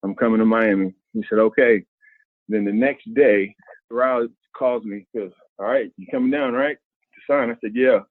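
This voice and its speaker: A middle-aged former basketball player telling stories in an interview, acting out what others said. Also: male voice, medium pitch, normal speed, no room sound. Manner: animated storyteller, acts out quoted voices. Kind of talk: candid storytelling interview. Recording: thin phone-like sound, dry.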